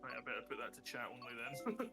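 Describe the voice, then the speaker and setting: A man's voice: mid-range voice, very animated, fast, loud music behind the voice. A man, casually chatting about games with a fellow streamer, friendly and rambling, often restarting his words. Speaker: streamer co-host. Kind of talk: casual gaming chat.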